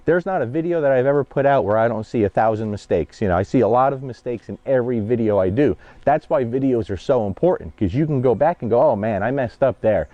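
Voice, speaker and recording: A dog trainer talks plainly and directly, pausing every so often to check that viewers are following along. His mid-pitched voice comes through dull and muffled, as if from a half-broken mic. The sound is dry, with almost no room echo. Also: animated. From New Jersey, USA. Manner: direct, conversational, keeps checking in with "okay?" and "guys". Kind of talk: instructional vlog while training a dog.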